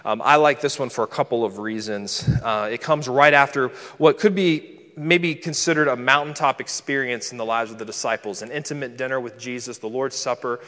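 A man's voice: medium pitch, a little fast, hardly any pauses, fairly bright tone. A man preaching a sermon in a church, teaching in a casual, conversational way. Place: church hall with a screen. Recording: long reverb of a large hall.

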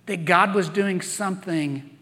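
A man's voice: high voice, measured pace, bright, forceful tone. A man preaching a sermon, telling Bible stories with playful acted-out voices. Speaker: pastor. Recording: long reverb of a large hall.

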